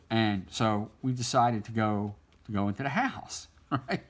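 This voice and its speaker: A middle-aged man with a fairly low voice tells an old story while he draws. He rambles and restarts, and he laughs often as he talks. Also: normal speed, hardly any pauses. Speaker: artist drawing on stream. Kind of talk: casual storytelling while drawing.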